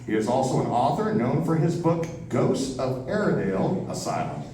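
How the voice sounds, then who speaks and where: A man's voice: medium pitch, huge pitch swings, moderate pace, dark tone. A man introducing a speaker at a convention, playful and leading the crowd in call-and-response. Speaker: event host introducing a speaker. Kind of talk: lively stage introduction with crowd participation. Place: convention hall with an audience. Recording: echoey hall, heard from a distance, noisy crowd.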